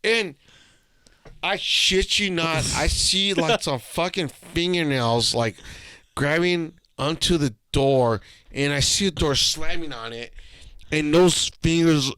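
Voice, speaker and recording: A man co-hosting a podcast, telling a story in casual chat, animated and profane, jumping into voices as he acts it out. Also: takes it slowly, clear, resonant tone, dry recording. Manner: animated, swearing, acts out voices with big pitch jumps. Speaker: podcast co-host.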